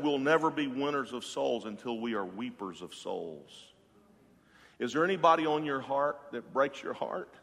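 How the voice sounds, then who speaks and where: A man preaching a sermon as pastor, passionate and swinging from loud to hushed. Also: on the high side. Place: church sanctuary. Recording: long hall reverb.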